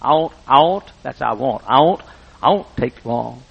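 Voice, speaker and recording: A man voicing a humble older rural farmer who talks in a high, drawling country way. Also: expressive, normal speed, creaky, breathy edge. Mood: earnest. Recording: dull lo-fi recording.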